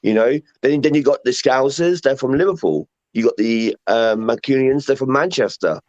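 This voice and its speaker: A man's voice: mid-range voice, normal speed, darkish tone, no room sound. A man with a London accent, a guest talking about paranormal investigating in a casual, rambling way full of fillers and repeats. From England. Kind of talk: casual chat. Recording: muffled lo-fi audio.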